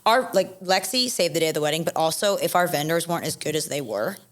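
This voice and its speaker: A woman with a notably low voice tells her story in a loose, conversational way. She leans on "like" constantly and restarts her sentences as she goes. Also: expressive, fast talker. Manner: chatty, heavy use of "like" fillers, restarts mid-sentence. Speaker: podcast guest telling her wedding story. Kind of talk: casual storytelling.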